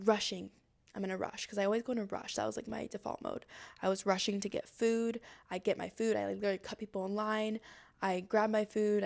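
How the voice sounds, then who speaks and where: A woman's voice: medium pitch, creaky, a little mellow. A woman podcast host telling a personal story in a casual, rambling way, full of "like" fillers. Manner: rambling, heavy use of "like" fillers.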